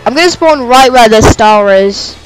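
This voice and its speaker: A gamer giving live let's-play commentary, excitable and given to sudden shrieks and yelps. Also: mid-range voice, moderate pace, clean tone. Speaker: gamer playing a chase game. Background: game music.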